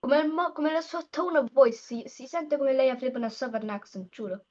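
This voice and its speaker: A woman's voice: high-pitched, brisk, a little mellow, lo-fi sound. A woman with an Italian accent, a native Italian speaker, chatting and giggling while streaming a game. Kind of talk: casual gaming chat.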